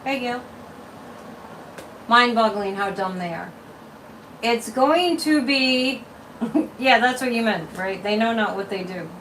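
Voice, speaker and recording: A woman's voice: fairly high pitch, takes it slowly, long pauses, a bit bright, recorded from a distance, a little hiss or hum, poor audio. A woman from Massachusetts hosting a casual psychic livestream, chatty and mocking, repeating words and laughing often.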